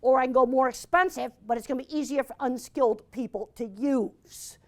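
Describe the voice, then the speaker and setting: A woman's voice: high-pitched, fairly quick. Blunt, emphatic older woman lecturing. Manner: blunt, emphatic, repeats key points. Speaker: animal science lecturer. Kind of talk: lecture with slides.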